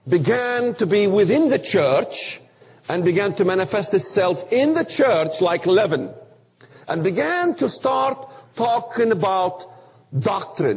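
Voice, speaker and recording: A man preaching an impassioned sermon, emphatic and repetitive in a husky voice. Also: sits high, sing-song, measured pace. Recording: echoey hall.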